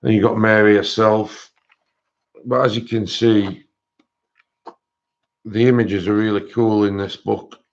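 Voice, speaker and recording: A man with a lowish voice chatting casually on a live stream, rambling as he greets viewers by name. The sound is dull and lo-fi, like a basic stream feed. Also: level tone, unhurried, long pauses. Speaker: colouring channel host.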